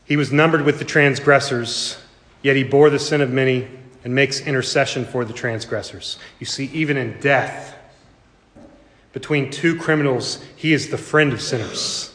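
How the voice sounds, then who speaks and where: Man preaching in an echoey hall. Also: normal speed. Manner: dramatic preaching, swells high and loud then drops to a hush. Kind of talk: sermon.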